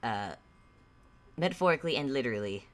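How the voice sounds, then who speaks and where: A woman hosting and running a tabletop game, chatting casually in a halting, rambling, self-mocking way. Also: rumbling low, animated. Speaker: game master and host.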